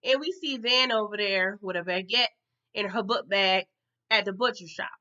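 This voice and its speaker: Speaking at normal speed in a medium-pitched, bright, forceful voice, a woman vlogger casually recaps a TV episode. Her slangy chatter addresses viewers as y'all and tags lines with okay, over dull lo-fi audio.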